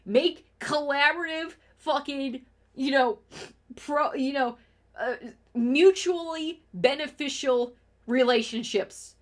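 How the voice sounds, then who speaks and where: A woman streamer with a high-pitched voice rants casually and profanely, speaking slowly with long pauses. She sounds heated and exasperated, firing off complaints and restarting as she goes, in the style of casual ranting commentary.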